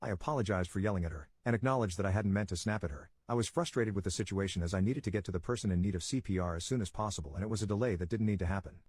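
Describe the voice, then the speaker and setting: Fast, husky, low-voiced male narrator. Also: a little mellow. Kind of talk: scripted narration of a reddit story.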